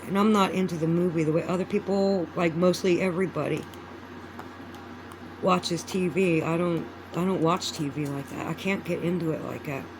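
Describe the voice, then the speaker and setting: A woman's voice: fairly low pitch, steady tone, moderate pace, noisy background. A woman vlogging in a casual, rambling chat. She swears freely and loses her train of thought.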